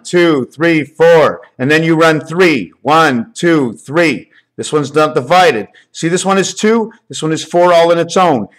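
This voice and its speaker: A man rambling through numbers and wordplay as he explains a drawing, swinging between loud bursts and quiet mumbling. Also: mid-range voice. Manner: meandering, wordplay, counting aloud, shifts from loud to quiet. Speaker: video maker.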